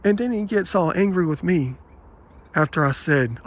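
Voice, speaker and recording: A man vlogging, telling rambling personal anecdotes in an aggrieved, animated way and quoting the people in them. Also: high-pitched, moderate pace. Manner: aggrieved, animated retelling with quoted dialogue.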